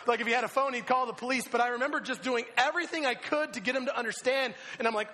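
A young man preaching a sermon to youth, telling a story in an animated way with sudden excited shouts. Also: extremely high pitch, fairly quick, long reverb tail, slight background noise. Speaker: youth pastor.

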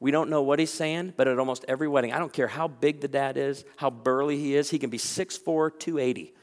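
A man preaching a sermon as a pastor, telling stories with lively energy and acting out the voices of people he quotes. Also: mid-range voice, a little fast, long reverb tail.

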